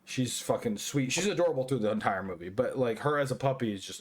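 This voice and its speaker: A man's voice: medium pitch, lively intonation, fast, husky. A young man, a little drunk, rambling through a casual review of a cartoon film, swearing often and restarting his sentences. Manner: rambling, profane, many restarts and fillers. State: tipsy.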